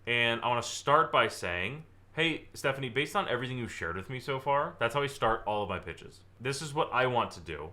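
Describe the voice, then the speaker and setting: Lively young male sales trainer, bright tone, likes to exaggerate. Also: medium pitch, a little fast, hardly any pauses. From Southern California. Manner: energetic, acts out client dialogue, exaggerates for effect. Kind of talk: live online training presentation.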